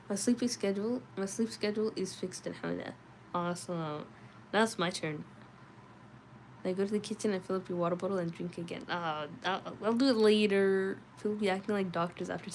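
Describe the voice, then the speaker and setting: A woman's voice: fairly low pitch, slight background noise, low-quality recording. A woman reading a novel aloud at night and chatting casually between passages, sleepy and chatty. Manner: sleepy, chatty, answers chat comments. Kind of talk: late-night read-aloud and casual chat.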